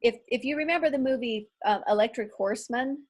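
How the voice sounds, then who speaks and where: In a casual interview, a middle-aged woman author recounts stories with animated, self-mocking humor, her voice fairly high-pitched and her speech fairly quick.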